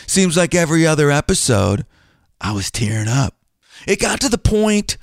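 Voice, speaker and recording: A man's voice: a little high, clear, resonant tone, dry recording, studio quality. A middle-aged man hosting a podcast as a financial planner, chatty and self-deprecating in a casual style.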